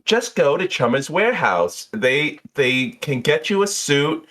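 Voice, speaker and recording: Casting: man doing a high, lively, gushing barmaid on a busy shift, flirty pet names. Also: measured pace, exaggerated voice.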